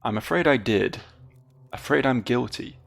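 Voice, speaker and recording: A man's voice: medium pitch, lively intonation, normal speed, vocal fry, a bit bright. A British man voicing a theatrical woman, a fallen caravan singer, reading her lines in a dramatic, mournful way.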